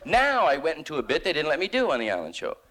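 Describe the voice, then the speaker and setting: Lively-voiced man doing stand-up. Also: a little high, fast. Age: young adult. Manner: rambling, conversational, slangy. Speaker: stand-up comedian. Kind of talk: stand-up monologue.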